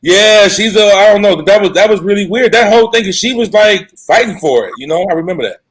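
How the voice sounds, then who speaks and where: A man's voice: high voice, animated, husky. A man hosting a casual live show as a dating coach, talking frankly in a loose, rambling way and reading out viewer comments. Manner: loose and rambling, frank, quick asides and self-corrections.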